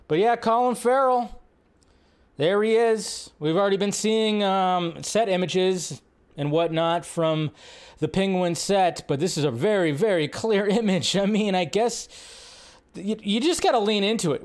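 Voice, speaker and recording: Male livestream host, loose rambling chat, slightly higher-pitched voice, now and then shouts out quoted lines. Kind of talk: casual livestream commentary.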